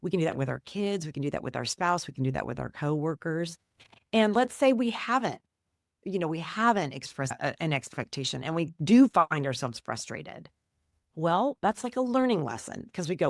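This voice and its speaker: A woman in her fifties speaking as a guest on a podcast, in a slightly low voice recorded dry and close to the mic. She tells her stories in an animated, chatty way and laughs every so often. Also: moderate pace, creaky, no room sound. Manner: animated storyteller, laughs while telling stories. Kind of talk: conversational storytelling.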